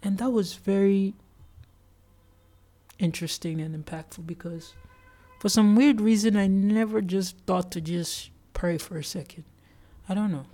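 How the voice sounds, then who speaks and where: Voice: mid-range voice, a little slow, pauses often, warm tone. Chatty solo podcast host telling a story. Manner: chatty, with many "like" fillers and acted-out quotes.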